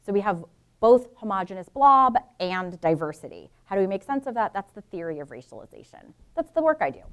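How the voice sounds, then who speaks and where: A woman's voice: mid-range voice, very animated, fairly quick, clean tone. A middle-aged woman from Brooklyn and New Jersey giving a public lecture as a professor, frank and informal, with asides to the audience.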